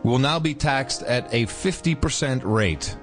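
A man co-hosting a podcast, joking and chatting loosely despite his jet lag. His pitch jumps around animatedly, and faint music plays beneath the talk. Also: lively intonation, measured pace, a bit bright. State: jet lagged. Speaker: podcast co-host. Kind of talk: casual chat. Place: United Kingdom.

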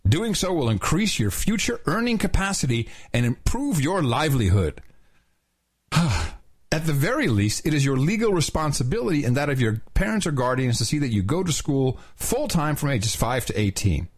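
A man's voice: moderate pace, husky. A man hosting a casual talk show, reading aloud from a book in a mock-solemn way. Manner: mock-solemn reading with lively pitch swings, breaking into laughs. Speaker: podcast host.

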